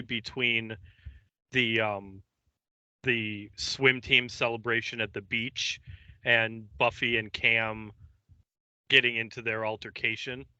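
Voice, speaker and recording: A man talks slowly and hesitantly as a podcast co-host, with many ums and restarts. His voice is very bright and smooth. It comes through a dull, lo-fi microphone. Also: medium pitch, no echo. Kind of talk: casual episode recap. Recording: dull lo-fi mic.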